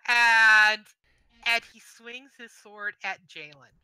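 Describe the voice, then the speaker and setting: A woman narrating a tabletop game as game master, setting scenes in an unhurried way with fillers. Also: a little high, fairly even intonation, pushed and bright, clear, resonant tone, no room sound, rough recording.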